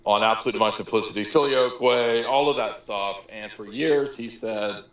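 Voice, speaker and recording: A man's voice: on the low side, normal speed, fairly bright tone, natural voice. A man voicing a campy gossiping Southern man who keeps calling the listener honey, in a sassy, teasing drawl.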